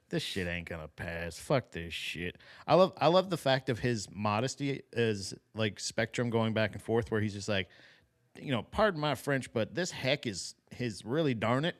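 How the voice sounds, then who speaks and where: A man co-hosting a comedy podcast, rambling and profane in casual chat. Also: lowish voice. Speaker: podcast co-host.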